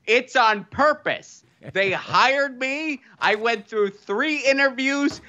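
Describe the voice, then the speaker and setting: A man putting on a smug, defensive agency employee in a sarcastic deadpan parody, on a dull lo-fi recording. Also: extremely high pitch, takes it slowly, pitched above the performer's own voice, full character voice. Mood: mock-cheerful. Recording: dull lo-fi sound.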